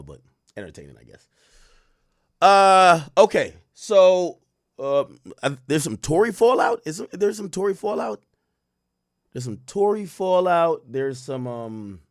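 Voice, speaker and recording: A man's voice: mid-range voice, no room sound, clean studio sound. A young man hosting a casual livestream, talking loosely and reading out and answering his chat as it comes in. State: worried about losing his voice. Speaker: livestream host.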